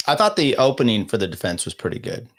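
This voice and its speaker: A man's voice: mid-range voice, wildly swooping pitch, quick pace. A man from California hosting a podcast, casual chat with frequent laughs and restarts. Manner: laughs often, fillers and restarts. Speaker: podcast host.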